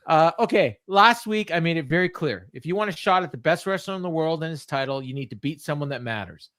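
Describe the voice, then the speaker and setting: A man's voice: fairly high pitch, lively intonation, quick pace, no echo, studio quality. A man mimicking a sneering, cocky wrestling heel. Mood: mocking. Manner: sneering, loud insults. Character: cocky, mocking male wrestling heel on the mic.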